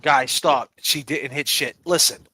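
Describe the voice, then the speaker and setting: A man's voice: mid-range voice, unhurried, bright, forceful tone, breathy edge, dry recording. A man hosting a livestream, talking in a heated, profane, riffing way and taunting mockingly. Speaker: livestream host. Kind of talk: casual heated chat.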